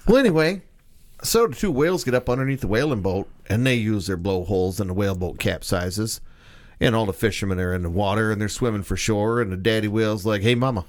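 Joking male radio host, low voice. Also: quick pace. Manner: joking, rambling storyteller. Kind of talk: casual radio banter. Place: radio studio.

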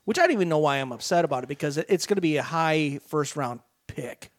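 Man, sports radio co-host, fairly high voice, animated rant, casual chat, stumbling restarts. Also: fast talker. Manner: animated ranting with frequent restarts.

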